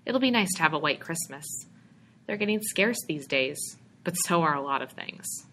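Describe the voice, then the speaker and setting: A woman's voice: deep voice, expressive, moderate pace, a bit bright, a little hiss or hum, low-quality recording. A woman reading aloud, voicing a little middle-aged male stranger who is a patient, coaxing brush peddler.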